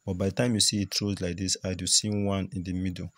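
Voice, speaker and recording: A man's voice: low-pitched, little pitch movement, fast, a bit bright. A man teaching cowrie shell reading, explaining with repetition as he points out each shell. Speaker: spiritual teacher.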